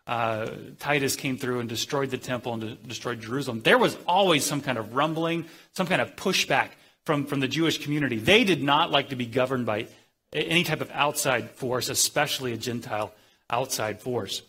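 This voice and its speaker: A male preacher delivering an earnest sermon in a bright, forward voice of ordinary pitch. He stumbles and restarts often, then acts out the words of crowds and officials with dramatic swells. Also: brisk, husky.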